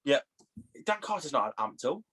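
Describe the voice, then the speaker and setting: A young English man co-hosting a podcast in casual, teasing banter, quick to laugh at his own jokes. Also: medium pitch, big pitch swings, fairly bright tone, a little hiss or hum. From England. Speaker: podcast co-host.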